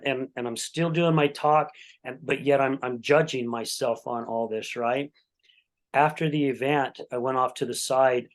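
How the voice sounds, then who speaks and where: Earnest male podcast host. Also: medium pitch. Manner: earnest, rambling with restarts. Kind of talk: casual conversation.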